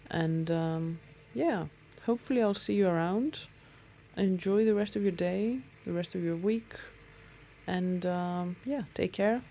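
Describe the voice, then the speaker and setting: With a fairly low pitch and a measured pace, this woman's creaky, warm voice carries her chatty, um-filled talk to viewers during a motorbike ride. She's a motorcycle vlogger, and a faint hiss or hum is audible.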